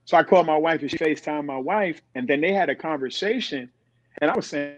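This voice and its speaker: On a dull, dry recording with no room sound, a middle-aged man guesting on a podcast tells casual stories at a fast clip. His pitch is fairly high, and he's animated, acting out the voices of the people he describes.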